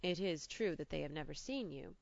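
A woman reading the part of a polite, gently teasing older male doctor in an audiobook, in a measured way. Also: sits low, lively intonation, creaky, dry recording, highs cut off.

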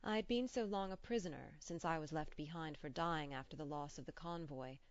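Low-voiced woman reading an audiobook. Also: a little fast, no room sound, highs cut off. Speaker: narrator. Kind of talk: audiobook narration.

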